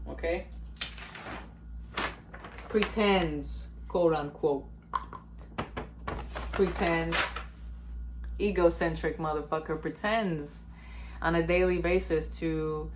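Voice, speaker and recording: A woman's voice: low-pitched, slight background noise. A woman vlogger giving a blunt, profane, emphatic self-help monologue.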